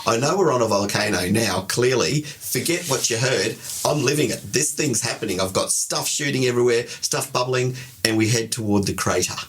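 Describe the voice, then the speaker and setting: A man co-hosting a podcast, telling a travel story in casual chat, animated and prone to digressions. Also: mid-range voice, brisk, few pauses, slight background noise. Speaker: podcast co-host.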